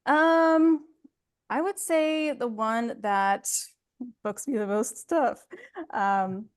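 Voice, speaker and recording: A woman's voice: a little high, drawn-out words. A young adult woman voice actor being interviewed, talking casually and candidly and laughing easily. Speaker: voice actor guest.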